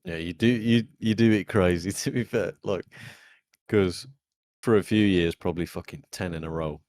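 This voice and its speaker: A man's voice: low-pitched, normal speed, a little mellow, no echo, clean studio sound. A man co-hosting a podcast in casual chat, blunt and teasing, swearing a lot. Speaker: podcast co-host.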